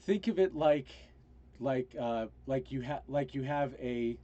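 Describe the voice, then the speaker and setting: A man narrating a tabletop game as game master, halting with many restarts, over an online voice call. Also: medium pitch, warm tone, highs cut off.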